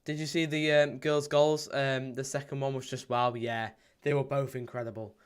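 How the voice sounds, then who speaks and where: During a live watchalong stream, a man with a clear, resonant, mid-pitched voice chats loosely between viewer comments and match play-by-play, full of ums and false starts. Whenever a chance comes, he breaks into quick, excited calls, especially at goals.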